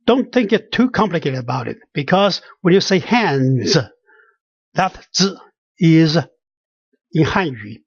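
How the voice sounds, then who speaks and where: A teacher giving a pronunciation lesson, halting and full of fillers, repeating each sound and example word. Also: mid-range voice, big pitch swings, husky, no room sound, muffled recording. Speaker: language teacher.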